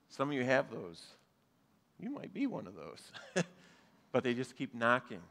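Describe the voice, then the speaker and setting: A man's voice: mid-range voice, huge pitch swings, unhurried, a bit bright. A man, preaching a sermon as pastor to a live and online congregation, earnest and conversational with touches of humor. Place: church sanctuary, live and streamed. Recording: long hall reverb.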